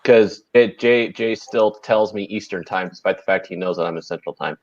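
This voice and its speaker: A man's voice: low-pitched, moderate pace, no room sound. A man on a betting panel, chatty and storytelling, with mild swearing. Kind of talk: casual sports betting chat. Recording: dull lo-fi mic.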